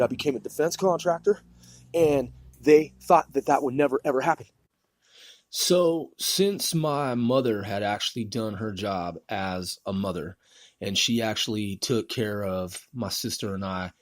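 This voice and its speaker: A podcast host in his forties rambles through a casual solo monologue, swearing and tossing in "man" and "bro," with "man" plugging every pause. His voice sits at medium pitch, and the recording has no echo.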